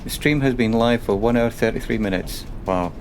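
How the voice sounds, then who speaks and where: A man's voice: mid-range voice, normal speed, a little hiss or hum. A man streaming a bus-driving game, chatting and thanking viewers in an emotional, rambling way.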